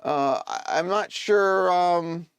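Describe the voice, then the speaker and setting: A man hosting a casual live stream, thinking aloud as he troubleshoots and answers viewers' chat with hesitant, halting phrasing. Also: sits high, gravelly, clean tone, no echo. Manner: hesitant, many fillers and restarts.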